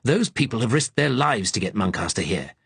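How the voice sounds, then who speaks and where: A man's voice: fairly low pitch, very animated, a little fast, creaky, a bit bright, breathy edge, no echo, voice pushed up, full character voice. A man voicing a weary, firm male resistance captain.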